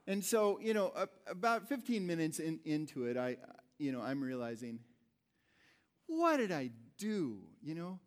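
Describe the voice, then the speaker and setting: A middle-aged male pastor preaching with a somewhat high-pitched voice. He tells a personal story in a loose, conversational way, often starting over mid-sentence. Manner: conversational, rambling with many restarts.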